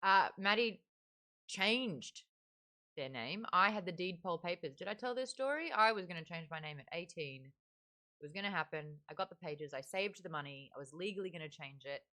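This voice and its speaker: Speaking at a normal speed, this Australian book club host runs her live stream with casual chat and reads out comments from viewers. Her voice sits on the low side, pushed and bright, with lively intonation. She talks into a desk mic next to her webcam.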